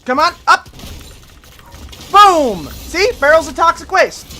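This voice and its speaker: A woman streamer giving live gameplay commentary, excitable, yelling and cursing at enemies and cheering her wins. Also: very high voice, slow, a little hiss or hum.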